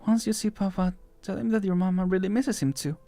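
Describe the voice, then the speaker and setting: A man voicing a tender, dying mother who pleads softly with her daughter in a game story reading. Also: high voice, fairly quick, creaky, dry recording, faint music behind, pitched above the performer's own voice.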